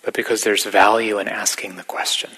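Bright-voiced man giving a dharma talk. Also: on the low side, flat delivery, a little fast, husky, poor audio. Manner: gentle, reflective, drops to whispers. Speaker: meditation teacher.

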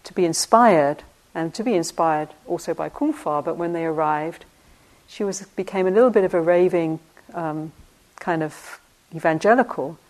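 An older British woman, a meditation teacher, tells stories from her past in a reflective talk, speaking at normal speed in a fairly low voice. Her manner is anecdotal, with frequent laughter and soft asides.

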